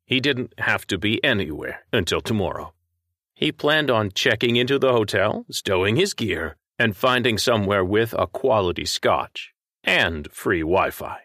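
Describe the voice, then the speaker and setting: A man narrating a fiction story in a steady, expressive reading voice. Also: fairly low pitch, normal speed, no echo, studio quality. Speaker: story reader.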